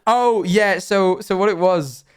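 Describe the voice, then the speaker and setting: A man's voice: high voice, a little slow, clear, resonant tone. A man chatting casually on a livestream, rambling and self-deprecating, with frequent swearing. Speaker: streamer.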